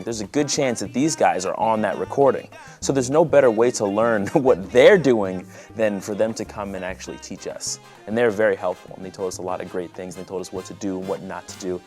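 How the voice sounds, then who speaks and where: A male musician in a documentary interview, talking in a relaxed way and laughing easily. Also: on the low side, fairly quick, faint music behind.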